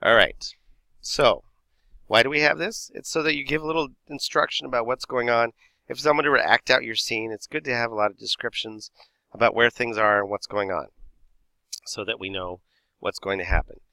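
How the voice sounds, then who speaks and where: A man's voice: medium pitch, fairly quick, creaky, bright, forceful tone, no room sound, rough recording. A man teaching a theatre class, explaining script format step by step and reading examples aloud. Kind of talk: recorded class lesson.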